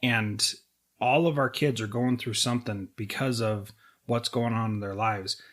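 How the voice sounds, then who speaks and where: A man's voice: mid-range voice, steady tone, a little slow, a bit bright. A middle-aged man hosting an interview podcast, earnest and emotional as he talks and asks questions. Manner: earnest, emotional when talking about loss. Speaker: podcast host.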